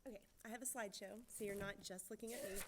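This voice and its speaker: A woman's voice: medium pitch, steady tone, noisy background. Nervous laughing woman telling her testimony. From Georgia, USA. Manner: nervous, laughs often, talks quickly. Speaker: church children's director giving testimony.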